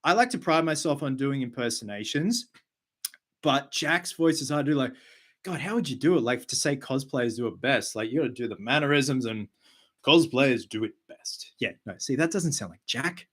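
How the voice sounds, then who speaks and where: A man hosting a casual live stream, chatty with quick asides and fillers. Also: mid-range voice, animated, fairly bright tone. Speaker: host of a live show.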